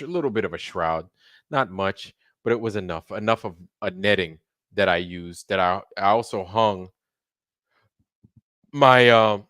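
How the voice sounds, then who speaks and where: Bright-voiced man rambling on a late-night stream. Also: low voice, no room sound, studio quality. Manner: rambling and joking, with swearing and slang. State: tired. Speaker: livestream host. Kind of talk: casual late-night livestream chat.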